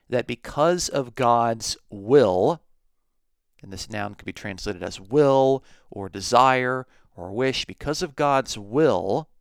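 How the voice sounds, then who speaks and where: Male Bible teacher, slow and deliberate, stresses key words, smooth voice. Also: on the low side, no echo, studio quality. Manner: measured, emphatic on key words. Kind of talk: recorded Bible lesson.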